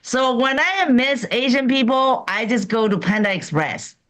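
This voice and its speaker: High, lively-voiced woman comic from China. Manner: deadpan, slightly broken English with pauses. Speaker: stand-up comic. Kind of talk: stand-up set. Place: comedy club stage. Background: audience laughter.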